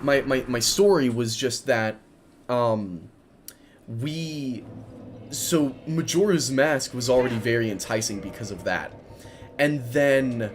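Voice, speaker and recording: A man in his twenties telling a rambling story while commenting on his own gameplay, chatty and excitable, breaking off to react loudly. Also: mid-range voice, slight background noise. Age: 20s. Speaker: gaming video creator.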